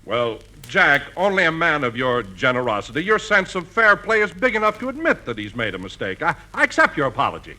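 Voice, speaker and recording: Offended radio announcer, high and very bright. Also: male voice, huge pitch swings, fairly quick, few pauses. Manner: huffy, stiffly offended. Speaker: show announcer. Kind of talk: 1940s radio comedy.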